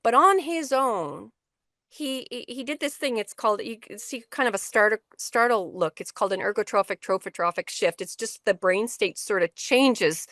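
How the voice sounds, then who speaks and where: A woman's voice: on the high side, moderate pace, fairly bright tone, no echo, clean studio sound. Woman telling a story with frequent restarts. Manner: conversational, with frequent restarts and fillers. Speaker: workshop presenter. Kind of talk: storytelling talk to educators. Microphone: video call.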